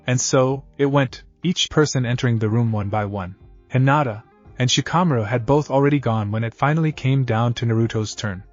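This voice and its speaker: A man giving a steady scripted fan fiction narration, muffled, with faint music behind. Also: medium pitch, fairly quick.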